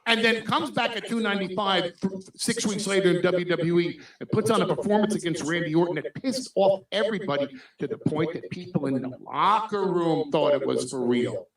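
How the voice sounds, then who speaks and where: High-voiced, emphatic man in an echoey room. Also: fairly quick, hardly any pauses. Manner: emphatic, conspiratorial storytelling. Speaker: wrestling podcast host. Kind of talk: casual chat. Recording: echoey room, far from mic.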